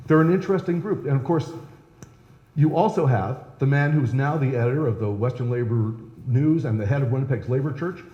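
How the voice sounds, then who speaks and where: A man with a mellow, medium-pitched voice lectures live as a historian at a historical society, chatty and often asking "right?". Highs are cut off, and the lecture room is an echoey hall with long reverb.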